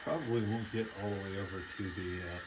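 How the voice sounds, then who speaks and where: A man with a fairly low voice talks his way through hands-on work at his model railroad layout, relaxed and a little out of breath. He was recorded on a phone in his hobby room, with clear background noise. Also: a little fast. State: breathing hard. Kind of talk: casual hands-on narration.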